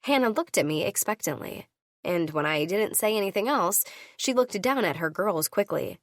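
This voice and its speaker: A woman reading a first-person audiobook, voicing each character with her own shifts in pitch. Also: lively intonation, moderate pace, dry recording, studio quality. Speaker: audiobook narrator.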